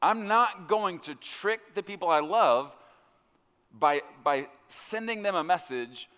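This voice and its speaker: A man preaching a sermon as a pastor, conversational and animated, often stumbling over repeated words as he restarts. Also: fairly high pitch. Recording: long hall reverb.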